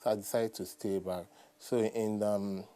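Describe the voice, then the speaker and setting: A young Nigerian man with a Nigerian accent, a musician guest in a casual interview, telling animated stories and acting out quotes. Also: lowish voice, normal speed. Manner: animated storyteller, acts out quotes, repeats "you understand".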